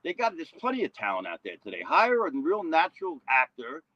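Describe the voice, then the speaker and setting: Rambling man with a bright, forceful voice. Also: on the high side, wildly swooping pitch, fairly quick, dry recording, dull audio. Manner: rambling, repeats "you know what I mean". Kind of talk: casual livestream chat.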